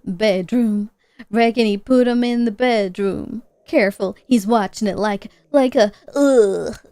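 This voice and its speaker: A woman voicing an injured, groggy male pilot who talks in a halting drawl. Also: mid-range voice, mellow, no room sound, natural voice. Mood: dazed. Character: injured, dazed male pilot, rough and weary.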